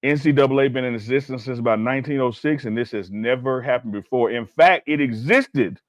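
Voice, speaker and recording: A man's voice: mid-range voice, brisk, no room sound, muffled recording. A man co-hosting a casual sports talk show, telling stories with emphatic, laid-back slang. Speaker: co-host.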